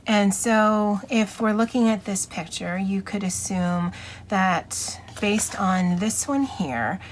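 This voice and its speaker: Soft-spoken woman chatting as she colors. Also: mid-range voice, slight background noise. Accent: Hawaiian. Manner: soft, slow and halting, stumbling over words while working. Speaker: YouTuber. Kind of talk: casual chatty vlog while coloring.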